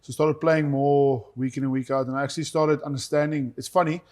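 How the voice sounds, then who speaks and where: A man from South Africa whose first language is Afrikaans, a former rugby player chatting as a guest and telling stories with fillers and halting restarts. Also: a little high, steady tone, darkish tone. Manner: rambling storyteller, halting with fillers. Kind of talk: casual chat.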